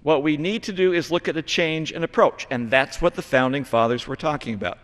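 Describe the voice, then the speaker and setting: A middle-aged man from Utah stands at a podium microphone and gives an earnest, lecturing floor speech. His voice sits a little high for a man, and he leans hard on key words. The long reverb of a large legislative chamber trails behind him. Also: brisk, a bit bright. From Utah, United States. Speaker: congressman.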